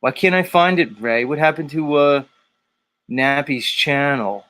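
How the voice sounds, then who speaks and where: A livestream host with a fairly high, bright, forceful voice laughs, swears and teases his chat in an expressive, unhurried way. Guitar music plays in the background.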